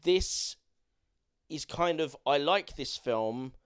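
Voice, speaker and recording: A man's voice: a little high, expressive, takes it slowly, clear, resonant tone. A man co-hosting a podcast, reviewing a film in casual, rambling chat and swearing now and then. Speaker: podcast co-host.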